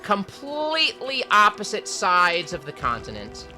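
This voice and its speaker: A streamer chatting casually over a game with friends, slow and unhurried. The voice is bright and clear, full of halting fillers and restarts. Faint music plays underneath. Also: medium pitch, huge pitch swings. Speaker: streamer playing a factory-building game with friends. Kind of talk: casual gaming chat.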